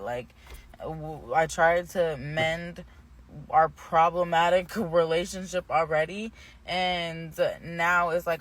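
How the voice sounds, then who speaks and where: A woman's voice: on the low side, slow pace. A young woman vlogging, telling a personal story in a rambling, candid way, often indignant. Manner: grows heated and indignant. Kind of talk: casual storytime monologue.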